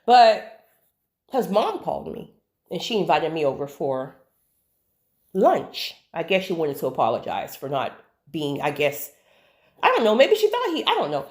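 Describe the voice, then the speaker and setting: In a low-pitched voice, a little slow and marked by long pauses, a woman addresses the viewer with a personal story. She keeps it casual and animated, often repeating words to stress them.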